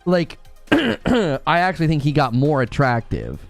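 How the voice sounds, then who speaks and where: A man's voice: a little high, very animated, unhurried, creaky, soft background music. Rambling American man chatting casually. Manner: rambling, heavy on fillers. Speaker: co-stream host. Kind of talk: casual chat.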